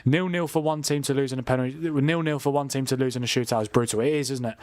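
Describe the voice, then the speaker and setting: A young man hosting a casual football watchalong livestream, chatty and quick to laugh while talking to his chat. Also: medium pitch, fairly even intonation, darkish tone. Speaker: livestream host.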